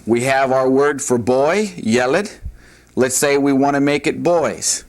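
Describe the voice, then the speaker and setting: A man's voice: medium pitch, a little slow. Man, classroom grammar lecture, patient, repetitive, filler words, at a board. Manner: patient, repeats key words, frequent "all right" and "uh". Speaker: Hebrew teacher.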